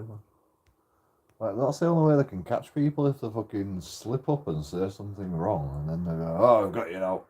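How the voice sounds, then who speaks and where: A British man with a fairly low voice rambles through stories in a casual streaming chat. His tone is mellow and relaxed, and he swears freely and laughs often. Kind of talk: casual storytelling while gaming.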